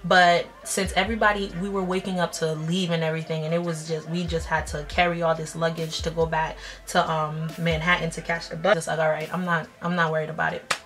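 A woman in her twenties telling a personal story in a casual vlog, blunt and slangy, jumping up in pitch when she acts out quotes. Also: brisk, hardly any pauses. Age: 20s. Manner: animated, jumps up in pitch when acting out quotes; slangy, blunt, self-mocking. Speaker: vlogger.

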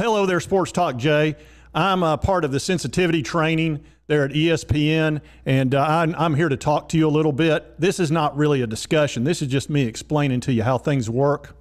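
A man's voice: a little high, lightly acted. A man voicing a condescending male sensitivity trainer who lectures and takes offense easily.

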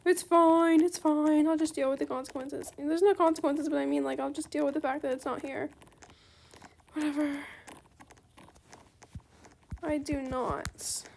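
Woman, casual game commentary host, high voice with gravelly fry, chatty with excited squeals. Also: a little hiss or hum. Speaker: gaming channel host.

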